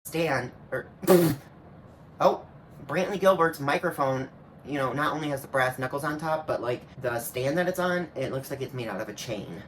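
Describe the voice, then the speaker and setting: A reaction video host with a medium-pitched, fairly bright voice at a moderate pace. He reacts on camera with sass and snark, dropping slangy asides in a casual running commentary. A faint hiss stays under his voice the whole time.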